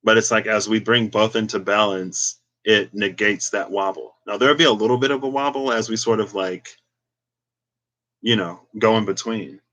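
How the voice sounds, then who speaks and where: A man's voice: on the low side, normal speed, fairly bright tone. A man giving a casual, reflective talk on spirituality and tarot, meandering with many fillers as he thinks aloud. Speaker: tarot reader.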